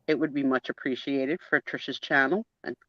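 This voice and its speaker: A woman co-hosting a live photo sale, chatting warmly and telling a story with laughs. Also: rumbling low, a little fast, no room sound. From Italian-American family. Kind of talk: casual livestream chat. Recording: dull dry sound of a video call.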